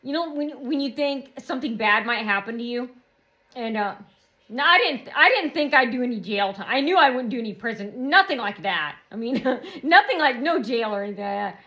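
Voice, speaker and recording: A woman with a high voice tells her own story to camera in a loose, rambling monologue. She repeats phrases and loops back to earlier points as she goes. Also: lively intonation, fairly quick, sharp tone. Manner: rambling and repetitive, circling back often. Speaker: vlogger.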